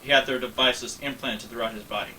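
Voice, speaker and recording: A man reading a fan story aloud in plain, slightly halting narration, recorded from a distance with faint background noise. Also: medium pitch, steady tone, bright, forceful tone. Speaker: story reader.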